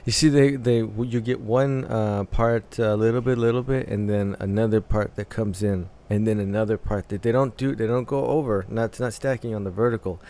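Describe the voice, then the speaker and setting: A man with a fairly low voice talks casually through a music reaction. He analyzes the arrangement and the vocal parts as he goes, halting and restarting his phrases while he works out what he means. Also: fairly even intonation, dark tone. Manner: hesitant, restarting phrases while thinking aloud.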